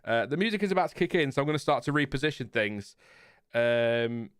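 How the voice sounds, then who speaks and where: A man with a Lincolnshire accent talks at an easy middle pitch, his calm, fairly flat voice smooth and clean. He rambles, trails off and laughs as he reads comments to his viewers. The sound is close and dry, with no room around it. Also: a little fast, dry recording. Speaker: livestream host. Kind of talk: casual chat reading live comments.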